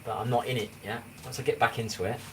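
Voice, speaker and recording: A man in his forties from England, with an English accent, chats casually on a livestream, rambling and repeatedly asking if you know what he means. His mid-range voice is fairly bright and fairly even in intonation, and he talks quickly. The mic is distant, with faint background noise.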